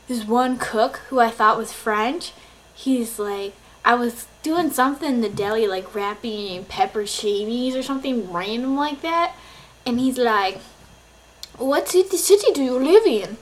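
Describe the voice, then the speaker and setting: A woman's voice: a little high, unhurried. A nineteen-year-old woman vlogging, chatty and rambling with lots of "like" and giggles. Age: young adult. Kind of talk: casual chat to camera.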